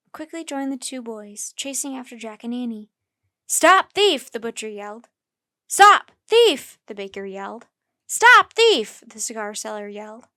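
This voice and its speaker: A woman with a fairly high voice reads a children's chapter book aloud, close to the mic in a dry, dead room. She gives the characters' cries as sudden loud, high shouts. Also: no room sound. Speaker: storyteller.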